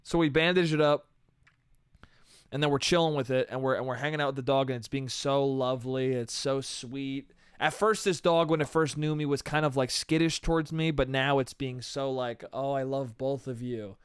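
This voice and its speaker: A young man hosting a comedy podcast, telling a story in animated, profane, slangy style with lots of quoted voices. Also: mid-range voice, moderate pace, clear, resonant tone, dry recording, clean studio sound.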